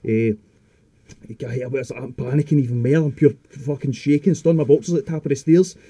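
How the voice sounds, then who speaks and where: Scottish guy, young adult, rapid rambling storyteller, very dark voice, swears a lot. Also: mid-range voice, fairly even intonation, slightly rough, dry recording. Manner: rambling, heavy swearing, frequent restarts. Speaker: podcast guest. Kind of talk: casual chat.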